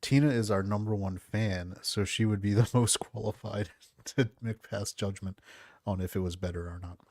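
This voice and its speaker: A man hosting a casual podcast, talking in a soft, calm, low-key voice into a close microphone. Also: moderate pace, no room sound. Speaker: podcast host. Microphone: close studio mic.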